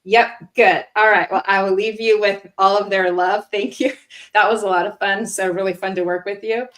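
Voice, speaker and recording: A woman's voice: medium pitch, fairly even intonation, normal speed, fairly bright tone. Chatty woman psychic reader. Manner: chatty, reassuring. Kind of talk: live-stream reading.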